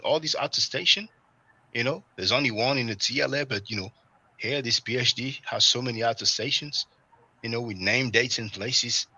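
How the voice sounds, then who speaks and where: A man hosting a casual livestream, talking in an animated, chatty way and leaning on "you know" and "man". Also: mid-range voice, moderate pace, breathy edge, rough recording. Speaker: livestream host.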